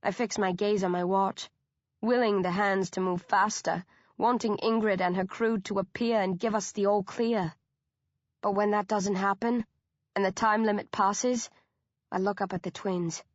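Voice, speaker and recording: A woman narrating a first-person audiobook in a lively way, acting out and shouting the characters' lines. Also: mid-range voice, normal speed, no echo, highs cut off.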